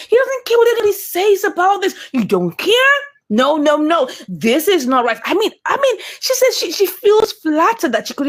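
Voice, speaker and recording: A woman's voice: sits high, breathy edge. A young woman hosting a movie review, chatty and laughing as she recaps a drama and quizzes her audience. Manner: chatty, laughs often, asks the audience questions. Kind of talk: animated plot recap.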